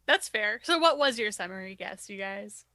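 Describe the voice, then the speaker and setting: A woman's voice: mid-range voice, lively intonation, moderate pace, sharp tone, no echo. A woman co-hosting a podcast, chatting casually and hedging with frequent restarts. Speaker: podcast co-host. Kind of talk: casual chat.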